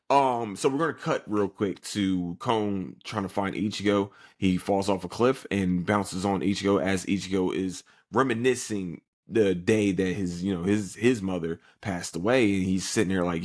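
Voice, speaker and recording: A man hosting a podcast, casually recapping an anime episode with lots of swearing and quick put-on character voices. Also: low-pitched. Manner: animated storyteller who acts out characters in quick put-on voices; swears freely, loose and joking.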